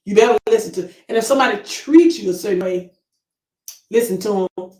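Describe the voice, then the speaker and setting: A woman's voice: medium pitch, brisk, dark tone, roomy sound, low-quality recording. A woman hosting a casual commentary channel, reading viewer comments and reacting emphatically and preachily. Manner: emphatic, preachy, exclaims to the Lord.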